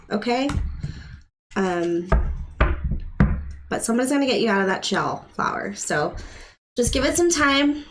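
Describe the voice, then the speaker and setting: A woman's voice: on the high side, lively intonation, normal speed, pauses often, noisy background. Chatty woman tarot reader on a live stream. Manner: chatty, emotional, talks straight to viewers.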